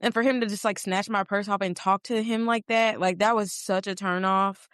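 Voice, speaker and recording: Animated woman telling a story. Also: medium pitch, normal speed, clean tone, dry recording, studio quality. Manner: animated storyteller, acts out quotes. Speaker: podcast co-host. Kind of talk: casual storytelling chat.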